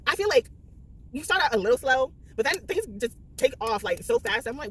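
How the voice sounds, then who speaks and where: A woman vlogging a casual spoiler book review, profane and blunt, acting out her reactions in animated bursts. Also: a little fast, slightly rough. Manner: animated storytelling, acts out her reactions with high exclaims.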